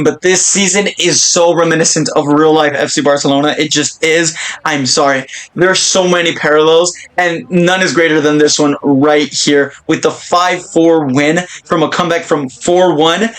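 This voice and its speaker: A young man commentating his own football video game career, breaking into excited shouts at big moments. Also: on the high side, normal speed. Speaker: gaming YouTuber.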